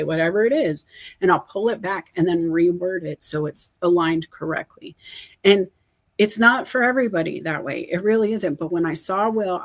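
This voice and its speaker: A woman hosting a casual chat as a coach, telling stories in a candid, animated way. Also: lowish voice, vocal fry, breathy edge. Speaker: host and coach.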